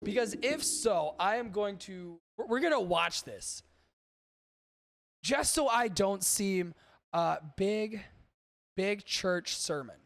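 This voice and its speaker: Creaky high-voiced profane podcast man. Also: animated, slow, long pauses, a bit bright, no echo, studio quality. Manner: profane, rambling, talks to chat. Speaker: podcast host. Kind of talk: casual livestream chat.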